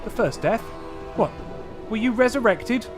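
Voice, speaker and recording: A man's voice: high-pitched, big pitch swings, normal speed, music in the background, voice pushed up. A man voicing a bitter young man who longs for death, reading his lines with a sneer. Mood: scornful. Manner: sneering, scornful.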